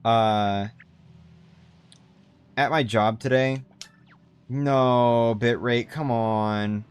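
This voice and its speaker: A man's voice: mid-range voice, fairly even intonation, drawn-out words, pauses often. A young man chatting loosely while streaming a game, rambling and swearing casually. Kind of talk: casual live-stream commentary.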